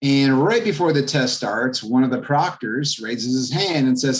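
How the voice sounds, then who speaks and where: A man, a real estate agent, telling an anecdote as a guest in a podcast interview, in a lively storytelling manner. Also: mid-range voice, a little slow, hardly any pauses. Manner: animated anecdote telling, acts out quoted voices.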